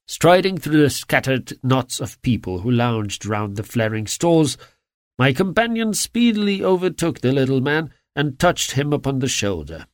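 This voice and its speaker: A man reading a classic detective story aloud in an expressive storytelling manner. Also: medium pitch, normal speed, no room sound, studio quality. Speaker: narrator.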